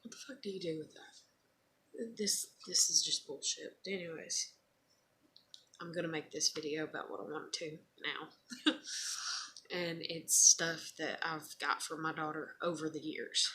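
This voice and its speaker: Mom vlogging, kinda low voice, rambly and blunt, curses a bit, says "you know" a ton. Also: female voice, steady tone, measured pace, long pauses, pushed and bright, slight background noise. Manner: rambling, frank, heavy use of "you know" and "like"; swears when frustrated. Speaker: mother sharing keepsakes on video. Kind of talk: casual personal vlog.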